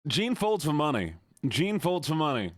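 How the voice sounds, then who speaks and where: Male streamer, playful and giggly, swinging pitch, dry close sound. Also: big pitch swings, normal speed, no echo. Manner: playful, laughs often, thanks viewers. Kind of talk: casual livestream chat.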